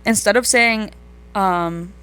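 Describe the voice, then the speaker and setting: A woman's voice: mid-range voice, slow, clear, resonant tone, faint music behind. A young woman from New York, a podcast guest talking casually and animatedly, filling her speech with "like". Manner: chatty, heavy use of "like", animated. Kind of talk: casual chat.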